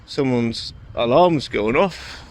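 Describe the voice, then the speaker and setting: Slow, rambling man outdoors in wind. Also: medium pitch, expressive, darkish tone. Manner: rambling, hesitant, many fillers. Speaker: vlogger. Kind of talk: casual vlog chat. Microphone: phone. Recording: heavy wind noise on phone mic.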